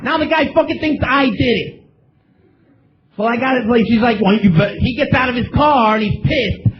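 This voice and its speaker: A male comedian telling a rowdy story on radio, shouting out the voices of the people in it. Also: very high voice, normal speed, noisy background. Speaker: comedian guest. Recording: dull radio recording with crowd.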